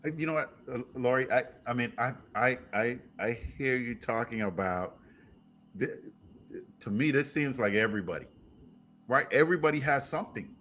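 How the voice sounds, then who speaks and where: A man hosting an interview, speaking casually and haltingly, often repeating words while he thinks. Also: mid-range voice, a bit bright, slight background noise. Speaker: podcast host.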